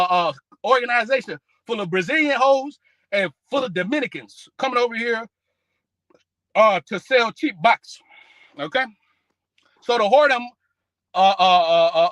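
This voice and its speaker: High, sharp-voiced man ranting a sermon. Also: no room sound, rough recording. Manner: scolding, peppered with "man" and "bro"; quotes scripture between outbursts. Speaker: online religious preacher. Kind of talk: heated profane religious rant.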